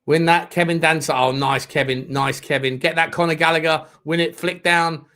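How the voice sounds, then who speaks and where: Man, fairly high voice, live football watchalong host, excitable, sweary, shouting at the ref. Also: moderate pace. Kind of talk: live match commentary and reaction.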